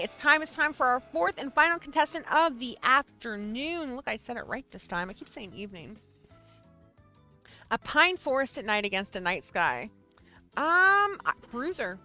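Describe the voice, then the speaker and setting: A woman hosting a casual livestream, chatting with her viewers in a bubbly, excitable way. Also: high-pitched, moderate pace, soft background music. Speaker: livestream host of a yarn shop show.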